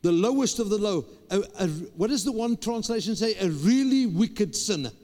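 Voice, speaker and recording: High-voiced preacher in a hall. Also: male voice, expressive, normal speed, a little mellow. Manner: emphatic, repetitive preaching with stammered restarts. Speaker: pastor. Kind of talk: sermon. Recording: long hall reverb.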